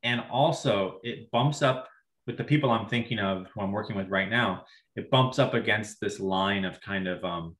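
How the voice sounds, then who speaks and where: A man with a fairly low voice speaks thoughtfully as a podcast guest. He pauses and restarts his sentences often while he works out an idea. His voice carries a noticeable echo from the room. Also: fairly bright tone. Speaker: social worker guest. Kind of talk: casual podcast conversation.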